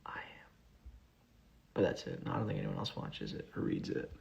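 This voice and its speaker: A man's voice: a bass voice, huge pitch swings, moderate pace, creaky, a little mellow, whispered. A male actor casually reading out fan questions during a livestream and answering with fillers and restarts. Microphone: phone.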